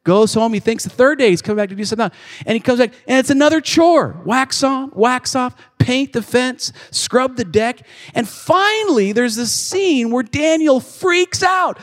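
High-voiced pastor guy preaching, lively storytelling, long church echo. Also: normal speed. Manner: animated storytelling, acting out scenes. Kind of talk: sermon. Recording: long reverb of a large hall.

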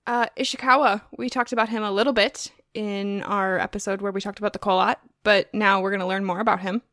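A woman's voice: medium pitch, steady tone, fast talker, a bit bright, dry recording, clean studio sound. A woman co-hosting a podcast in casual chat, joking, laughing often and swearing freely. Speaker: podcast co-host.

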